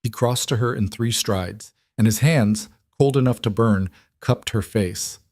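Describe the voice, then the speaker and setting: A man narrating a fantasy romance audiobook in a steady storytelling way. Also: fairly low pitch, unhurried, no echo, studio quality.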